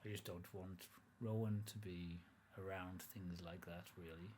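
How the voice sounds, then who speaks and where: A man's voice: deep voice, steady tone, measured pace, darkish tone, breathy edge. A man voicing a protective, hospitable hobbit mother in a tabletop role-play, speaking in a hesitant, motherly way. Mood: wary, welcoming.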